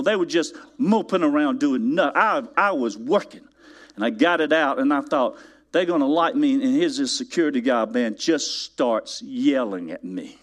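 A man's voice: mid-range voice, moderate pace. A man preaching a sermon in church, telling a story with mounting emphasis and asking his congregation rhetorical questions. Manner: animated storytelling, builds to loud emphatic peaks. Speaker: pastor.

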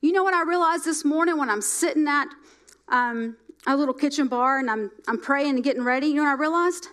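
A middle-aged woman delivers a sermon in a high voice. She repeats lines for emphasis and swings between loud, emphatic phrases and hushed, near-quiet ones. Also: brisk. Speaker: preacher.

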